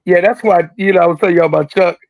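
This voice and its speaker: An older man tells stories as an interview guest, joking and breaking into impressions. His voice sits high and has a gravelly, husky edge. The sound is close and dry. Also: steady tone, very fast, a little mellow, dry recording, low-quality recording. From Philadelphia. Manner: jokey, laughs a lot, slips into impressions. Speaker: guest, veteran rapper. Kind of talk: casual interview chat.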